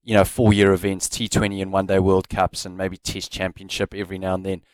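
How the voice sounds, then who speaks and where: A man co-hosting a casual sports chat, speaking in a relaxed way and thinking aloud with plenty of fillers. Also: sits low, a little fast, dry recording. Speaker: co-host.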